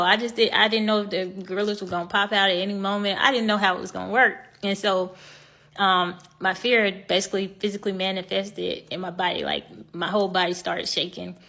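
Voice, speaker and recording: Young woman, casual storyteller, chatty with frequent ums and laughs, mid-pitched voice. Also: bright, forceful tone. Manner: chatty, laughing, many fillers and restarts.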